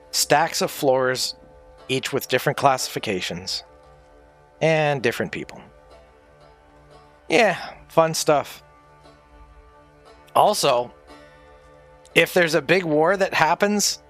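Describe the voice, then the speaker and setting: A man rambles in a casual livestream monologue, conspiratorial and profane. His voice sits a little high for a man, with faint music in the background. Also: fairly bright tone.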